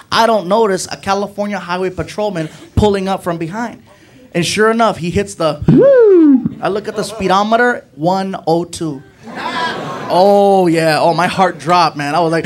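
A man doing stand-up comedy, telling a story animatedly and acting out voices with shouts. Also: sits high, fairly quick. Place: comedy club stage. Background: crowd laughter.

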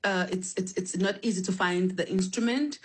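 A woman musician telling stories about her instrument, animated and spiritual, full of restarts and fillers, on a phone line. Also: mid-range voice, normal speed, breathy edge. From South Africa. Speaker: guest musician. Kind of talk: remote interview.

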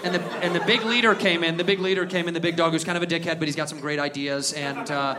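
A male stand-up comedian, telling a loud, profane, animated story. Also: fairly high pitch, quick pace. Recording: live club with crowd laughter and noise.

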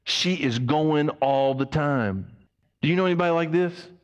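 A man preaching a sermon as a pastor, emphatic, his voice swinging between raised and hushed passages. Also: a little high, normal speed, long reverb tail.

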